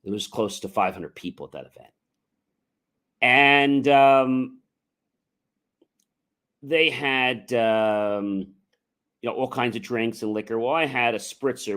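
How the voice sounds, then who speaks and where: A middle-aged man of middle pitch talks earnestly in a conversational motivational style. He pauses on fillers, then pushes words out with loud, rising emphasis. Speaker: entrepreneur podcast host. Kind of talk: motivational talk.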